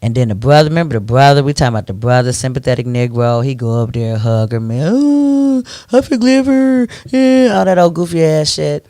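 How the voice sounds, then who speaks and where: A man hosting a radio talk show, ranting in an animated, preachy way into a studio microphone. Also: mid-range voice, fast, hardly any pauses, clean tone, no echo.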